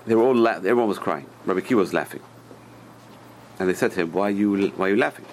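A man teaching a Torah class, telling stories in an animated way and swinging between loud and hushed delivery. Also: sits low, quick pace, slight background noise. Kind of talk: storytelling sermon.

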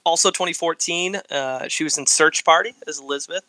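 A man's voice: on the high side, a little fast, pushed and bright, a little hiss or hum. A man co-hosting a podcast, reading through an actor's career in an upbeat, joking way. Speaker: podcast co-host. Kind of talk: casual chat.

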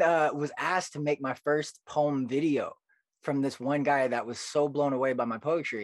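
A man talks as a poet guest on a podcast, animated and earnest as he tells his stories. His voice sits at an everyday pitch. The recording is dry, with no room sound. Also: a little fast, dry recording. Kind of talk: casual podcast conversation.

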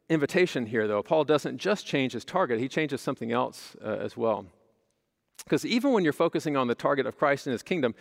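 A man's voice: medium pitch, gravelly. A man preaching a sermon as pastor, talking to his congregation in a conversational way, with rhetorical questions and personal stories. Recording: long reverb of a large hall.

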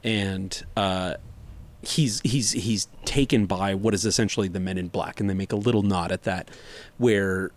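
A young man with a fairly low voice holds forth on a casual podcast. He rambles and jokes his way through the topic, stacking up fillers and restarting his sentences. The tone stays loose and conversational throughout. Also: moderate pace. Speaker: podcast co-host reviewing comics.

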